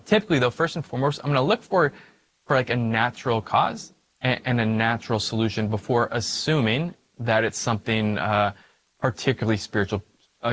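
A man's voice: fairly low pitch, fairly bright tone. A man, a priest, teaching about prayer in a conversational way, with many fillers and questions to the listener. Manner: conversational, frequent "like" and "right?" fillers. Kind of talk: spiritual teaching talk.

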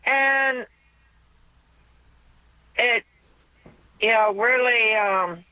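A woman caller talks slowly and hesitantly and sounds upset. Her high voice comes through a dry, tinny phone line. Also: dry recording.

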